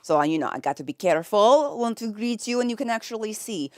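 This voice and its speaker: Giggly woman streamer with a lively voice. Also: medium pitch, quick pace, no echo, clean studio sound. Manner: giggly and effusive, with frequent laughs. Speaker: streamer greeting chat. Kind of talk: casual live-stream chat. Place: home office.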